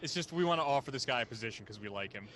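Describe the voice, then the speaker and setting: Man, tabletop player, joking, lively pitch, bright tone. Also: very fast, a little hiss or hum. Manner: joking, playful. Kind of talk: casual chat.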